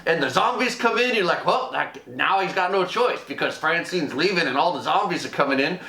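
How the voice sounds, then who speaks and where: A man playing a loud slangy barbecue king reviewing films. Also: on the high side, a little fast, roomy sound. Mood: hyped. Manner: slangy, animated, drops verb endings, breaks into excited squeals acting out scenes. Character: loud brash self-proclaimed barbecue king, adult man. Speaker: comedic movie reviewer. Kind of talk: comic in-character movie review.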